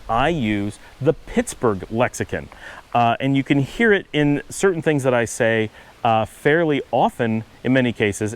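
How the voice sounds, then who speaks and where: Poor audio captures a mid-range male voice belonging to a middle-aged channel host from Western New York. Speaking with a Buffalo accent, he delivers a laid-back, patient explanatory monologue dotted with asides and self-corrections.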